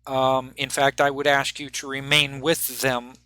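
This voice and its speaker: A man voicing a stern male handler of an agents' team who rarely smiles, speaking in a formal, measured way. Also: medium pitch, level tone, pushed and bright, clear, resonant tone, no room sound.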